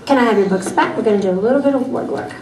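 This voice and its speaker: A woman teacher leading a small reading group of children, patient and encouraging and quick to praise. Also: a little high. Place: classroom. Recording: echoey classroom, distant mic.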